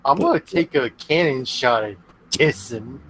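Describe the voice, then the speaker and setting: A man's voice: mid-range voice, animated, a little slow, fairly bright tone, a little hiss or hum. A man playing a tabletop game, brash and swearing freely. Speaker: player.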